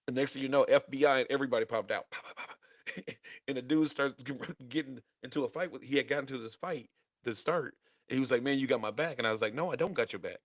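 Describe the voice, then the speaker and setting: A man's voice: mid-range voice, fast, no room sound. A man co-hosting a podcast, telling a story in a casual chat, laughing often and acting out the voices of the people in it. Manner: laughing storyteller, acts out dialogue. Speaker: podcast co-host.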